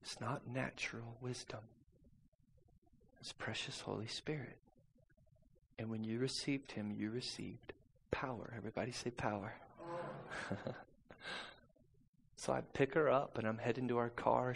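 A man preaching a sermon and telling a personal story, swinging between soft, intimate passages and loud, urgent ones. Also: mid-range voice, fairly even intonation, measured pace, gravelly, long pauses, slight background noise.

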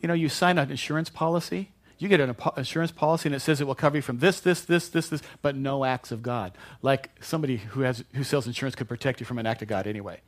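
A man's voice: mid-range voice, fast, few pauses. Chatty joking male preacher. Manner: conversational and joking, with frequent restarts. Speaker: pastor. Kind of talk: sermon.

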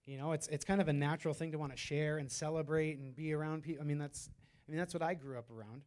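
A man's voice: fairly high pitch, steady tone, quick pace, a little mellow. A man preaching a sermon in a loose, conversational way, with many fillers and restarts. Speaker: pastor.

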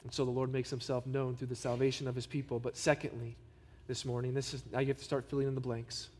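A man's voice: medium pitch, level tone, quick pace, darkish tone, in a large hall. A man preaching a sermon as pastor. He speaks earnestly and emphatically and addresses the congregation with rhetorical questions.

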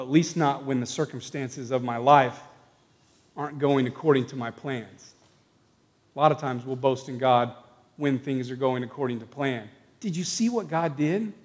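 A man preaching a sermon to his congregation, moving from quiet reflection to raised, emphatic declarations. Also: mid-range voice. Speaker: pastor. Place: church sanctuary. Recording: long reverb of a church hall.

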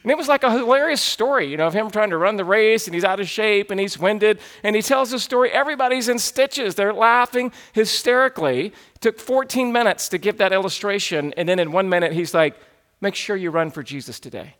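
A man in his thirties, a pastor telling stories in an animated sermon. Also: high-pitched, fairly quick, hardly any pauses. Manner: animated, quotes others in put-on voices. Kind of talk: sermon storytelling.

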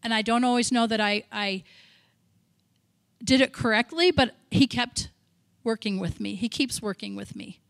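A woman's voice: on the high side, normal speed, creaky, pauses often, no room sound, studio quality. A middle-aged woman missionary from the United States preaching in a church service, candid and self-deprecating, acting out her own past prayers. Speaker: missionary speaker. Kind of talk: sermon.

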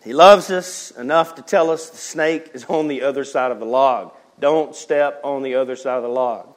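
A male pastor preaching in a conversational way, telling a personal story with joking asides and quick restarts. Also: mid-range voice.

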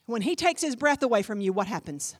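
A woman pastor preaching a sermon in an animated, emphatic way, speaking directly to her congregation. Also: fairly high pitch, a little fast.

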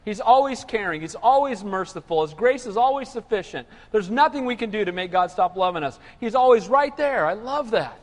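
A man preaching a sermon in an animated call-and-response manner. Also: high-pitched, brisk, few pauses. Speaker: pastor. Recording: reverberant hall.

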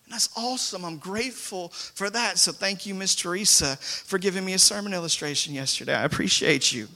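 A man preaches to his congregation in a church, slightly higher-pitched than most men. His voice is bright and pushing, and he tells stories in an easy, self-mocking way. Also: brisk. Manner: conversational, self-deprecating storytelling. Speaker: pastor. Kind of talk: sermon. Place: church sanctuary before a congregation.

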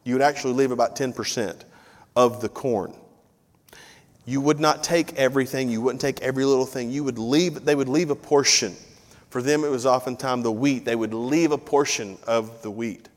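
A man's voice: mid-range voice, fairly even intonation, normal speed. Male pastor preaching in a reverberant church. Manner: conversational preaching with self-deprecating asides and repeated phrases. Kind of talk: sermon. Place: church sanctuary. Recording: live church audio with long hall reverb.

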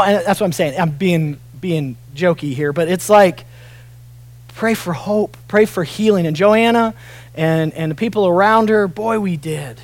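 A middle-aged pastor delivers a sermon with a high, clear voice, close and dry on the mic. He talks earnestly, sinking soft and near tears, then surging to loud, emphatic peaks. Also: expressive, moderate pace, dry recording. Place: church auditorium.

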